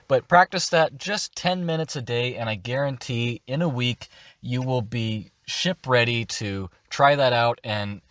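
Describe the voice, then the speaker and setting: A young adult man explaining voice acting in a relaxed, instructive tutorial. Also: medium pitch, no room sound. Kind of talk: casual tutorial.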